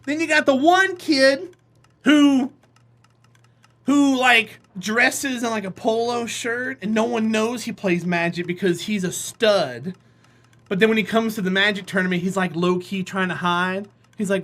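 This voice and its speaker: Role: live streamer. Style: casual rambling storytelling. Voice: bright, mid-pitched. Mic: desk microphone. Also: a little slow. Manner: animated, slips into acted voices.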